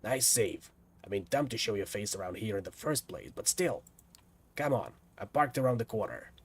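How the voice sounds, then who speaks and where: A man voicing a gruff, sardonic male vampire detective with a gravelly voice. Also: on the low side, expressive, normal speed. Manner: sardonic, street-wise.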